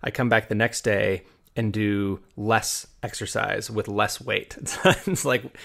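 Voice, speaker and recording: A man hosting an education podcast, asking questions and thinking aloud in a relaxed way. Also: fairly low pitch, a little slow, creaky. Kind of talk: conversational podcast interview.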